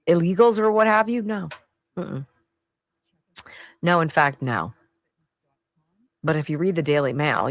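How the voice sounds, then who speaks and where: Woman talk radio host, sarcastic and emphatic, swooping lively pitch, dry studio sound. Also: no echo. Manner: emphatic, sarcastic, reads ad copy with hard sell. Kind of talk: opinionated talk radio commentary.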